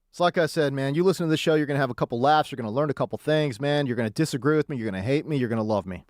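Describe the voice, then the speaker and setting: A man hosting a sports radio show, hyped and jokey, swinging between loud bursts and calm stat talk. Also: mid-range voice, very fast, few pauses, no echo, studio quality.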